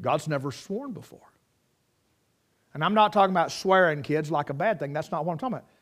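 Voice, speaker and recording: A man preaching a sermon, fervently swinging from shouts to hushed tones and repeating phrases for emphasis. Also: fairly high pitch, fairly quick.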